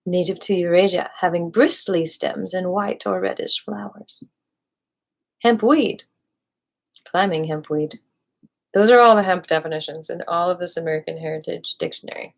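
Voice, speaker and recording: A woman hosting a live video, reading dictionary entries aloud with playful, musing asides to viewers and occasional soft whispers. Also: on the low side, moderate pace, creaky.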